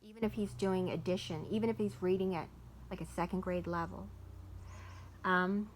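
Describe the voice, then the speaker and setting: A woman's voice: mid-range voice, fairly bright tone, slight background noise. A woman in her thirties talking in a casual, reflective way, full of fillers and self-corrections. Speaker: vlogger.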